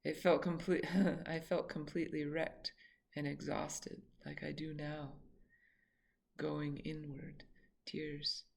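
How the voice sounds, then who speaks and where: Creaky-voiced woman reading her memoir. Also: low-pitched, level tone, a little mellow. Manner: reflective, halting, self-correcting.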